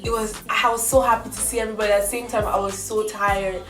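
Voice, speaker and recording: A young woman vlogger telling a story in a chatty, animated way, acting out her own quotes. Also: mid-range voice, quick pace. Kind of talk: casual storytelling. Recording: roomy echo from a distance, music behind. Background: background music.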